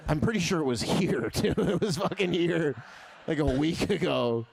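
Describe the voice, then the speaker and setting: A man doing crowd-work stand-up comedy, loose and profane, laughing often and swinging his pitch up and down. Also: animated, unhurried, vocal fry, darkish tone, breathy edge, dry recording.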